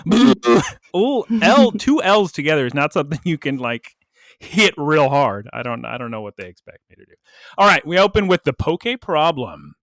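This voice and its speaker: A man's voice: a little high, very animated, normal speed, fairly bright tone, no room sound, studio quality. A man co-hosting a podcast, recapping an episode in casual chat and slipping into little character voices. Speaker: podcast co-host.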